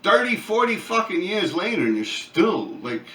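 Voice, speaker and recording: A man, telling profane, animated street stories on his own channel. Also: sits high, normal speed, recorded from a distance. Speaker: channel host. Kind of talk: casual storytelling. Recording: echoey room, off-mic.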